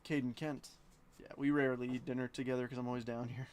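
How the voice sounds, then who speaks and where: A man's voice: medium pitch, level tone, quick pace, darkish tone. A man hosting a live card-break stream from his basement, rattling off player names between jokey asides.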